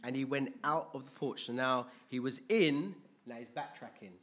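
A man preaching a sermon, retelling a story with lively, jokey slang asides. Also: medium pitch, normal speed.

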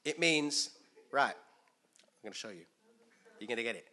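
A man preaching a conversational sermon in a chatty, lively way, full of fillers and repeated words. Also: medium pitch, unhurried.

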